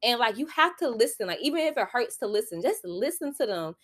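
A woman's voice: a little high, very animated, brisk, fairly bright tone. A young woman, hosting a solo podcast and giving candid, preachy advice full of "like" fillers. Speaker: podcast host.

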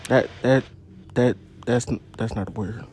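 A young man hosting a casual podcast, telling profane stories into a phone voice memo app and jumping up high when he quotes people. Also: steady tone, unhurried, darkish tone, a little hiss or hum. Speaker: podcast host. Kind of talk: casual chat, storytelling.

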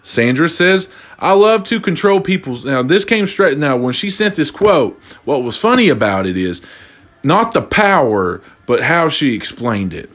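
A man hosting a casual, comedic talk, reading out viewer submissions and reacting with loud, profane amusement. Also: fairly high pitch, unhurried. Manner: animated, laughing, profane, cracks up. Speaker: host.

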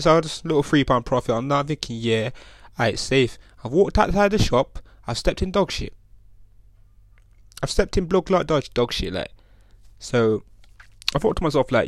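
Fast and animated, a young man talks at a medium pitch on his casual solo podcast with no room sound. He is the host, using his own podcast mic, and he rambles, swears plenty and keeps asking "you know what I'm saying."

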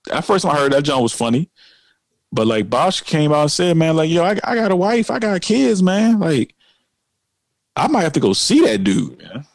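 Animated man in casual chat. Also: mid-range voice, dry recording. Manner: animated, emphatic, heavy use of fillers like "man" and "like". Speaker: podcast co-host.

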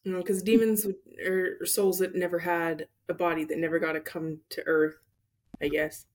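A woman's voice: lowish voice, level tone, normal speed, slight background noise. A woman co-hosting a casual podcast, blunt and joking, with casual swearing.

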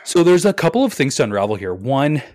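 Fast and mid-range, this young man's voice carries an animated, swear-filled story on a casual podcast he co-hosts, full of hedging and restarts. Sound is dry and studio-clean.

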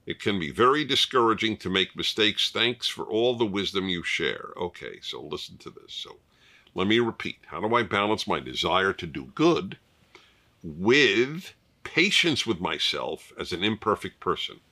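A man's voice: low voice, expressive, moderate pace, bright, forceful tone. An older man hosting a fireside chat, talking emphatically and repeating points for stress. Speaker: host.

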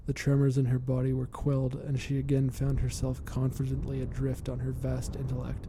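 A man narrating a horror story in a measured, steady reading. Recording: rumbling background noise.

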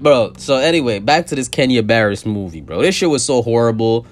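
A young man hosting a podcast, ranting casually and profanely, his voice swinging from loud outbursts to low asides. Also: lively intonation, a little fast, few pauses, slight background noise. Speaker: podcast host. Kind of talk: casual comedic rant.

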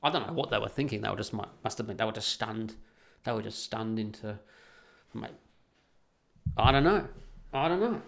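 Gravelly-voiced Australian man telling a story. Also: on the low side, animated, normal speed, long pauses. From Perth, Australia. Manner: blunt, crude, rambling with many restarts. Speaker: podcast host. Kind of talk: casual storytelling monologue. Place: at home.

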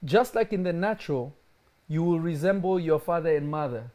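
Young male pastor preaching warmly. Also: a little high, fairly quick. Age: young adult. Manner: animated preaching, acting out quoted voices. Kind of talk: sermon.

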